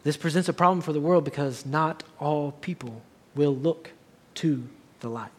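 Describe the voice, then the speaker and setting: A man's voice: on the high side, moderate pace. A man preaching a sermon as pastor, earnest, building to raised emphatic passages.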